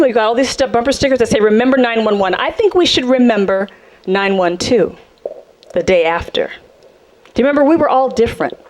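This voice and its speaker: A woman from South Central Los Angeles performing a sassy, animated stand-up set, jumping into character voices. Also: on the high side. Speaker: stand-up comedian. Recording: live club set with loud audience laughter. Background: audience laughing.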